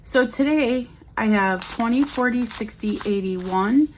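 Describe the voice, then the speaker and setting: Cheerful chatty woman vlogger, higher voice. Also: measured pace, slight background noise. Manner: cheerful, chatty, counts money aloud. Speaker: budgeting vlogger. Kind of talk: upbeat casual vlog while cash stuffing.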